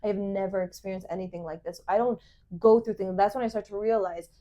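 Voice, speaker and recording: A young woman hosting a podcast, telling a dating story in casual chat, animated and swearing as she acts out the dialogue. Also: medium pitch, fast. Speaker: podcast host.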